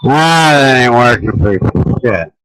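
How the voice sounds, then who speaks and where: Foul-mouthed ranting man, lively pitch. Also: measured pace, smooth, dry recording, low-quality recording. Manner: crude, insulting, mocking. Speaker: livestream host. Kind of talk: profane livestream rant.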